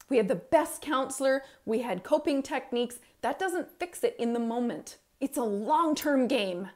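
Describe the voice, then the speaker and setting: A woman's voice: high-pitched, lively intonation, moderate pace, hardly any pauses. A middle-aged woman, a parenting coach, giving a motivational stage talk, speaking emphatically to the audience and repeating her key points.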